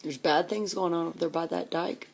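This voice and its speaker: A woman's voice: lowish voice, fairly quick, background noise, lightly acted. A woman voicing her father in a spoken story, giving firm warnings to his children. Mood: stern.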